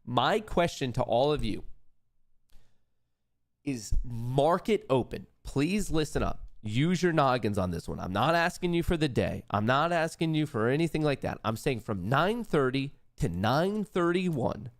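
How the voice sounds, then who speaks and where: A man with a gravelly edge to his voice runs a live trading stream from a desk mic. He talks casually to his chat and breaks into loud, hyped yelling when his trades pay off. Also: mid-range voice, big pitch swings, unhurried. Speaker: livestream trading host.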